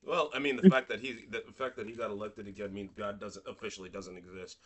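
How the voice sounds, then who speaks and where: A man's voice: fairly low pitch, steady tone, fast. A man co-hosting a podcast, making crude, profane jokes in casual political commentary. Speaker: podcast co-host.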